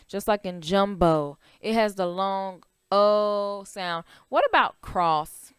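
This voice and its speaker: A woman's voice: mid-range voice, takes it slowly, few pauses, smooth, dry recording, clean studio sound. A woman teaching a children's phonics lesson, stretching out vowel sounds and asking the class questions.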